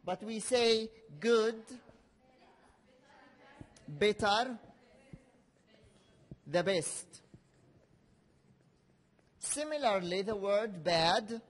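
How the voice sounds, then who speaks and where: High-pitched guy teaching english slowly, repeats stuff, big echoey classroom. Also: lively intonation. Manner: slow, repeats key words for learners. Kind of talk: classroom grammar lesson. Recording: reverberant classroom hall.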